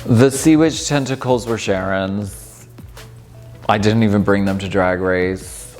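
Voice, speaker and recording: Man, 30s, chatty and amused; low voice, reverberant room with light music. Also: slow, darkish tone. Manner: chatty, amused, lots of filler "like". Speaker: drag performer reacting to old footage. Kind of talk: casual reaction commentary.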